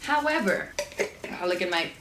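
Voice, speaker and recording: A woman's voice: on the low side, animated, unhurried. Young woman cooking n chatting, swears a lot, rambles, echoey kitchen w faint hum. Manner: chatty, profane, rambling storyteller. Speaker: cooking vlogger. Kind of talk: casual cooking chat. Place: home kitchen.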